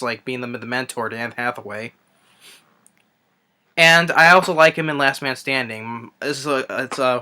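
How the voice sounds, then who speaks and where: Rambling young man ranting, bright voice. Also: mid-range voice. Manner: rambling, many restarts and fillers. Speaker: movie reviewer. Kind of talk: unscripted rant review.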